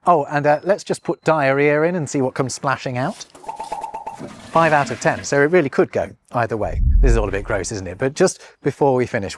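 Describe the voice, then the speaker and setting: A man's voice: mid-range voice, slight background noise. A man with a British accent hosting a scripted language lesson, playful and wry, leaning hard on the words he discusses. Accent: British English. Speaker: language video host. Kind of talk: scripted educational narration.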